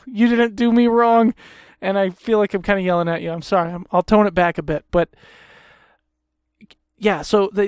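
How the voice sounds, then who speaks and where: A man's voice: sits high, clean tone, no echo, clean studio sound. A young man hosting a podcast, ranting angrily and sarcastically with constant swearing and rambling asides. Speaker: podcast host. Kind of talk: profane ranting monologue.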